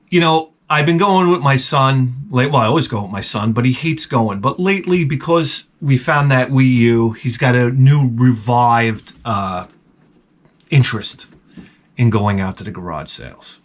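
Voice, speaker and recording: A middle-aged man hosting a video, telling a casual, rambling story to camera with jokes and sudden excited jumps in his voice. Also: medium pitch, measured pace. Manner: rambling and jokey, voice jumping up when excited. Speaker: video host.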